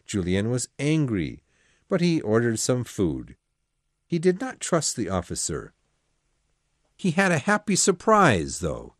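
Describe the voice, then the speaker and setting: A man's voice: medium pitch, wildly swooping pitch, measured pace, long pauses, no room sound, studio quality. A man reading a classic novel aloud as an audiobook narrator, telling the story expressively.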